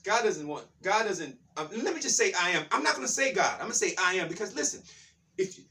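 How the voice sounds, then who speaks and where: A man's voice: high voice, very animated, fast, bright, forceful tone, recorded from a distance. A man giving a spiritual talk in a fired-up, preacher-like way, repeating his phrases. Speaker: spiritual speaker.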